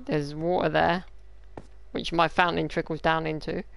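A man gives playful, joking commentary as he plays. His voice has a gravelly edge yet comes through smooth and clear. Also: fairly high pitch, flat delivery, measured pace, fairly bright tone. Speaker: gaming YouTuber. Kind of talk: live gameplay commentary.

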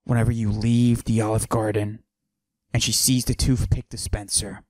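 A man doing a cocky macho character who forces his voice deep and breathy, in a comedic podcast monologue. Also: level tone, normal speed, darkish tone, dry recording, lightly acted. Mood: swaggering. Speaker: podcast host.

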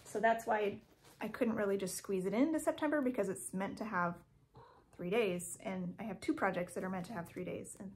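A woman's voice: medium pitch, fairly quick, a little hiss or hum. A woman vlogging about her cross stitch projects at home, chatty and rambling, correcting herself with frequent ums. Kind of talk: casual show-and-tell vlog. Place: home craft room.

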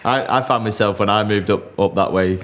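A man hosting a podcast, asking relaxed questions in casual chat. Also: on the low side, a little fast, a little hiss or hum. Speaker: podcast host.

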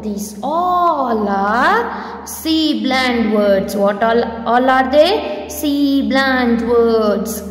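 Slow, echoey Indian English teacher. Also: female voice. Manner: slow, spelling out letters and sounds, with high questioning prompts. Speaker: primary school English teacher. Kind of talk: phonics lesson for young children. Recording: echoey room with long reverb.

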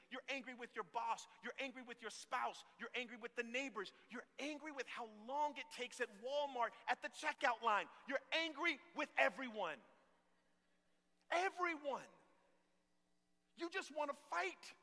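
A man's voice: very high voice, lively intonation, normal speed, pushed and bright. A man preaching a sermon as pastor, emphatic and preacherly, calling out for amens. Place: church sanctuary. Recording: long church hall reverb.

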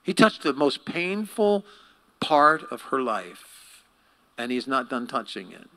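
A male pastor preaching a sermon in an animated way, asking the congregation questions. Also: medium pitch, slow.

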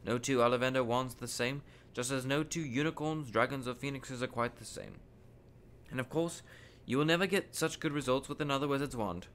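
A man reading aloud, voicing an eerie, precise old male wandmaker with measured, drawn-out phrasing. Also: mid-range voice, a bit bright, a little hiss or hum, lightly acted. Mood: coaxing.

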